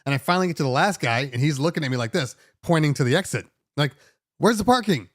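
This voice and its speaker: A middle-aged man hosting a DJ podcast, telling a story in a casual, animated and exasperated way and swearing freely. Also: mid-range voice, very fast, no room sound, clean studio sound. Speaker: DJ podcast host.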